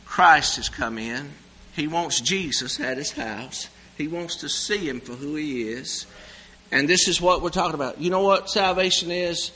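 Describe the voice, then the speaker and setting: A man preaching a sermon in a folksy, animated way, swinging from loud exclamations to hushed asides. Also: on the high side, poor audio.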